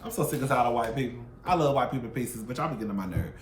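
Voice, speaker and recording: A man hosting a casual gossip commentary channel, sassy and profane, swinging between loud outbursts and soft asides. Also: medium pitch, expressive, racing, reverberant, background noise. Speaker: YouTube commentary host.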